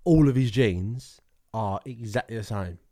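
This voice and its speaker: A man's voice: on the low side, a little slow. A man, co-hosting a podcast, telling stories animatedly with lots of laughing. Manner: laughs a lot, animated storytelling. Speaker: podcast co-host. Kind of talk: casual chat.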